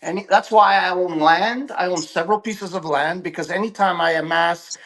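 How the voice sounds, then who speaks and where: A man's voice: sits high, normal speed, a bit bright, poor audio. A man in a heated debate who keeps pressing his point and talks over the others.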